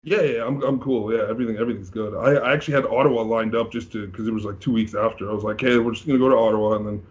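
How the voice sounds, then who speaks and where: A bodybuilding competitor from Canada in a casual interview, telling his story with animated acted-out quotes. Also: fairly low pitch, rapid-fire, muffled recording.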